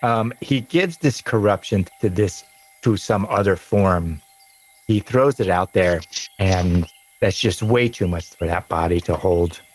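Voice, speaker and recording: Male game master, slow rambling narration, low-pitched. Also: rough recording. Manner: rambling, with frequent ums and restarts.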